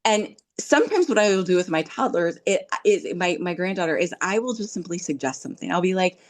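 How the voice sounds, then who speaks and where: A middle-aged woman speaks in a slightly low voice as a podcast guest. She tells her stories with animation and keeps checking in with her listener in a casual chat. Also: fairly quick, few pauses. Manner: animated storytelling, checks in with "right?".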